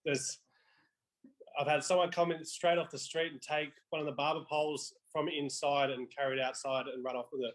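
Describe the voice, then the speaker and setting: A man's voice: on the high side, level tone, moderate pace, rough recording. A man, a barber, telling an amused story.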